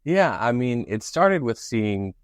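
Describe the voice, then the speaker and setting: A young man co-hosting a podcast in casual chat, playful and jokey with sudden animated outbursts. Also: medium pitch, slow pace, smooth, no echo, clean studio sound. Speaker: podcast co-host.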